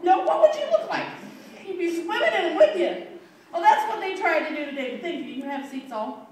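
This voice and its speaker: High, playful woman telling a Bible story. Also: big pitch swings, brisk, a little mellow. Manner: playful, asks the children questions, laughs often. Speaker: children's Bible teacher. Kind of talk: animated storytelling to children. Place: church room with children. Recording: echoey room, mic far off, faint noise.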